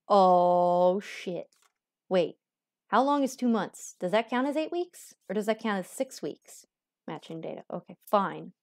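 A woman's voice: mid-range voice, expressive, moderate pace, a little mellow, no echo, clean studio sound. A woman playing a video game and chatting casually, joking and reading game text aloud. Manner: joking, reads game text aloud, sudden playful voices. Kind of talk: casual let's-play commentary.

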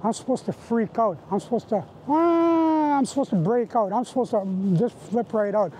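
A man's voice: extremely high pitch, expressive, moderate pace, warm tone, slight background noise, rough recording. A Canadian man giving personal testimony in a documentary interview, retelling the past in vivid present tense with repeated phrases. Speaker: residential school survivor.

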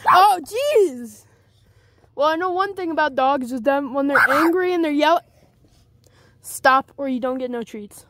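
A woman's voice: high voice, animated, unhurried, long pauses, fairly bright tone, a little hiss or hum. A woman voicing a young dog owner who chats and guesses in a rambling, puzzled way, in a fan plush video.

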